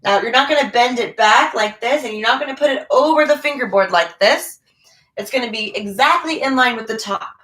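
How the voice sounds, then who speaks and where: A woman's voice: on the high side, fairly quick, fairly bright tone, low-quality recording. A woman teaching a violin lesson online, who is losing her voice, patiently calling out note names and finger numbers.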